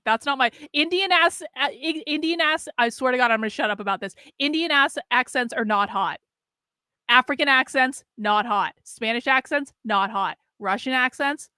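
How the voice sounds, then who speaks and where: A woman's voice: on the high side, lively intonation, moderate pace, bright, forceful tone, smooth, no echo, clean studio sound. A woman hosting a livestream, ranting bluntly and profanely about politics and laughing at herself. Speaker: livestream host.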